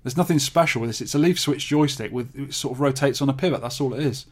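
Offhand English man, mid-pitched. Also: fast, breathy edge. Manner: rambling, dry, offhand, restarts often. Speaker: podcast co-host. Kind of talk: casual chat about arcade hardware.

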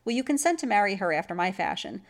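A woman's voice: mid-range voice, expressive, fast talker, lightly acted. A woman reading a story aloud, voicing a stern and secretive middle-aged huntsman who speaks solemnly and commandingly. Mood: grave.

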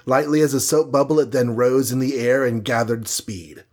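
A man narrating an adventure audiobook with a husky voice. His pitch sits in a middle range, and he tells the story dramatically. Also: fairly even intonation, normal speed.

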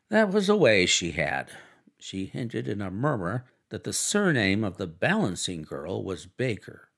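A man narrates a classic novel in a measured, expressive audiobook reading. His pitch rises and falls in a lively way, and his voice has a gravelly edge.

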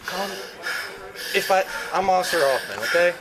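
A male police officer calmly and patiently trying to settle down a shouting woman. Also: sits high, normal speed, low-quality recording. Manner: firm, patient, repetitive calming. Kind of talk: calming a disturbance.

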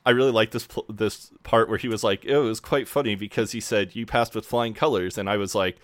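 A man with a low voice co-hosts a podcast, relaxed and casual as he recaps a TV episode. He quotes the characters freely and swears now and then. His voice is recorded dry and close, with no room sound around it. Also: a little fast, dry recording. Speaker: podcast co-host.

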